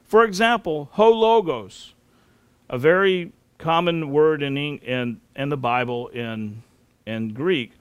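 Slow, deliberate male Bible teacher. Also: a little high, smooth, no room sound, highs cut off. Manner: slow, deliberate explaining with spelled-out terms.

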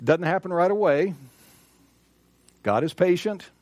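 Male preacher, fairly high pitch, emphatic sermon delivery with rhetorical questions, dry recording. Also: lively intonation, a little slow, a little mellow, no echo, muffled recording. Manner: emphatic, repeats key phrases, asks rhetorical questions. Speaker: pastor.

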